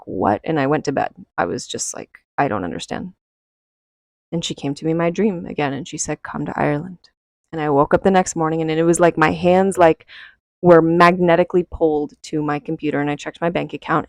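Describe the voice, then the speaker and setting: American woman, lowish voice, earnest storyteller, dry close sound. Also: gravelly, no echo. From United States. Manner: earnest, animated, with many "like" fillers. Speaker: spiritual speaker. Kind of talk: personal storytelling monologue.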